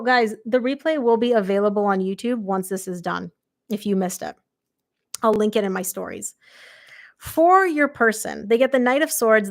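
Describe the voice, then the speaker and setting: A woman doing a live tarot reading, chatty and excitable, her voice going hoarse from a long day of readings. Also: mid-range voice. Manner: chatty, excitable, quotes people aloud. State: losing her voice. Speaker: tarot reader.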